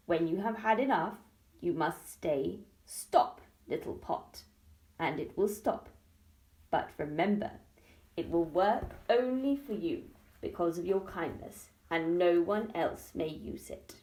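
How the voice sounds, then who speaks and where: A woman voicing a kindly old woman in a storybook, speaking slowly and softly. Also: fairly low pitch, expressive, reverberant, pitched below the performer's own voice, poor audio. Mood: solemn, hushed.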